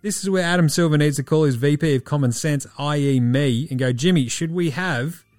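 A man hosting a podcast in casual sports chat, breezy and profane as he rattles off quick-fire picks. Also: on the high side, steady tone, a little mellow, smooth, dry recording, soft background music. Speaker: podcast host.

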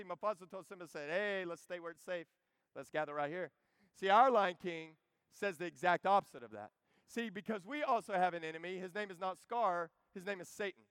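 A man in his thirties preaching a joking, animated sermon that calls out to the crowd. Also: high-pitched, clean tone, no room sound. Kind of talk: energetic camp sermon.

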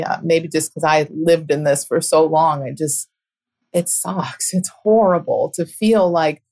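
Earnest, reflective woman, lower voice. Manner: earnest, reflective, with soft laughs. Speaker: podcast host and coach. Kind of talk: conversational monologue.

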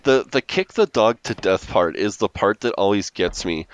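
A man's voice: fairly low pitch, expressive, moderate pace, smooth, no echo, low-quality recording. A man co-hosting a podcast, casually recapping a TV episode and laughing often as he retells scenes. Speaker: podcast co-host.

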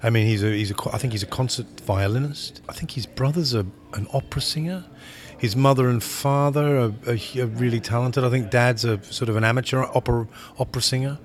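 A man, a film director, talking in an interview in a rambling, halting way, often repeating words as he searches for them. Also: medium pitch, steady tone. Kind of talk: interview conversation.

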